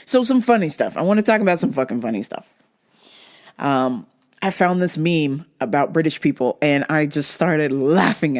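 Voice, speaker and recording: A woman's voice: low-pitched, expressive, normal speed, darkish tone. Laughing, swearing young American woman vlogging. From United States. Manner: laughs often, swears, slips into mock British slang. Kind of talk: casual profane chat.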